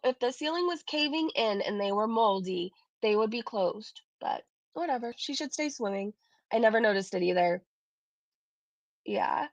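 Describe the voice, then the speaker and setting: A woman's voice: on the high side, gravelly, no room sound, lo-fi sound. A woman hosting a casual reaction commentary, sarcastic and blunt, who swears freely and laughs through her remarks. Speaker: reaction channel host.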